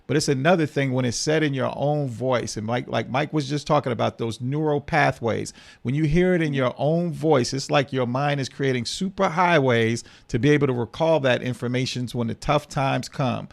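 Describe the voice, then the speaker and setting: A male host running a group conversation, pumping up the panel with loud encouragement. His voice has a rough, gravelly texture at an everyday middle pitch. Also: moderate pace, hardly any pauses. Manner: hype, call-and-response motivational. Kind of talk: energetic panel discussion.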